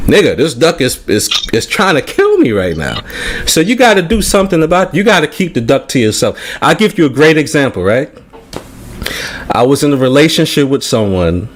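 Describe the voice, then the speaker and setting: A man telling a personal story in casual chat, animated and profane, often checking in with "right?". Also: mid-range voice. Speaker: podcast panelist.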